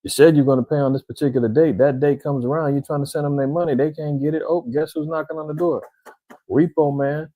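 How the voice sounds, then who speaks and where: A man's voice: a little high, fairly even intonation, quick pace, no room sound, phone-quality sound. A man giving a casual, rambling commentary in slang, talking straight to his viewers. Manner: conversational, rambling, slangy, addresses viewers directly. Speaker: vlogger commentator.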